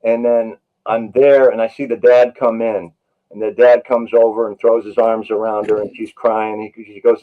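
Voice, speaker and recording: A man's voice: on the low side, flat delivery, moderate pace, phone-quality sound. A man, a paramedic, telling stories from the job in an interview, earnest and full of "you know" fillers. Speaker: paramedic and author, interview guest. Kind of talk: storytelling in a podcast interview.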